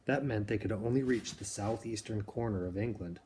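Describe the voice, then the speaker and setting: Low-voiced man reading a novel aloud. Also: darkish tone, a little hiss or hum. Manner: measured, plain, explanatory. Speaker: reader.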